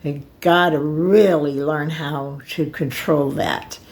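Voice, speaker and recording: An older woman telling a personal story on her vlog, rambling and emotional, with halting restarts. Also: low-pitched, steady tone, a little mellow. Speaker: vlogger.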